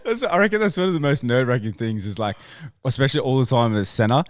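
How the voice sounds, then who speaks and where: A man's voice: medium pitch, animated, quick pace, no room sound, clean studio sound. A young Australian man hosting a podcast, chatting casually, laughing along and swearing freely. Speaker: podcast host. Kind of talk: casual chat.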